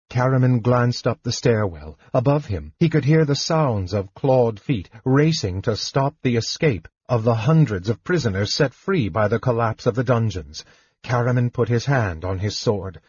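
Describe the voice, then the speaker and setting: A man reading a fantasy novel aloud in slow, measured narration. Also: medium pitch, lively intonation, darkish tone, husky, dry recording. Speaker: audiobook narrator. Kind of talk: scripted narration. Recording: dull lo-fi recording.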